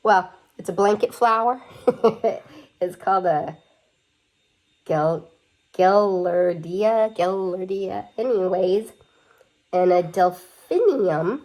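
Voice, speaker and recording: A woman's voice: medium pitch, animated, slow, pauses often, a little mellow. A young woman reading a picture book aloud to children, chatty, with playful asides and questions. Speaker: storybook reader.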